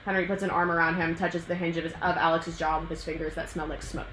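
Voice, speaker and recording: Animated young woman with a bright voice. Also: lowish voice, quick pace, a little hiss or hum. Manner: animated, swears freely, acts out quotes. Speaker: host. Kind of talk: casual chat, retelling a book's plot. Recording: echoey room.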